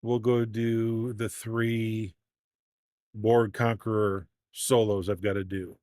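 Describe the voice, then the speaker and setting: A man's voice: fairly low pitch, flat delivery, takes it slowly, a little mellow, no room sound, studio quality. A man streaming a game live, commenting in a playful, jokey, self-mocking way.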